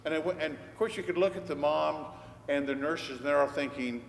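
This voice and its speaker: An older priest with a slightly high, brisk and creaky voice preaches a sermon as a conversational story, acting out the dialogue. The recording has the echo of a church hall with faint background noise.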